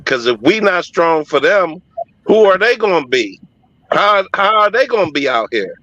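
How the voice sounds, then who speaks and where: A man's voice: high-pitched, sing-song, normal speed, bright, forceful tone, dry recording. A middle-aged man telling a story in casual conversation, emphatic and profane but heartfelt. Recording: dull lo-fi audio, dry.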